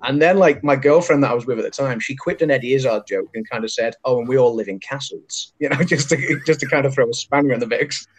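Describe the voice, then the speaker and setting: A man's voice: mid-range voice, fast, hardly any pauses, husky, rough recording. Laughing English man telling stories. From England. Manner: chatty storyteller, laughs often. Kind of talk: casual chat.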